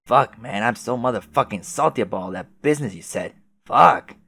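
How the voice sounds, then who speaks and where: A man's voice: on the low side, animated, brisk, fairly bright tone, husky, exaggerated voice. A man voicing a laid-back, drawling clown boy troll who swears constantly. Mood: mellow.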